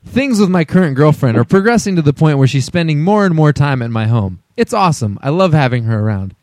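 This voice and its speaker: A man's voice: fairly high pitch, very animated, a little fast, darkish tone, no room sound. Laid-back man reading a listener letter. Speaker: podcast host reading listener questions. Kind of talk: casual group banter.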